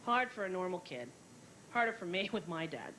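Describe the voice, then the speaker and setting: A woman's voice: on the low side, very animated, moderate pace. A woman in her thirties doing a stand-up comedy routine before a live audience, brashly telling family stories and acting out her relatives. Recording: noisy VHS tape, loud audience laughter. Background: audience laughter.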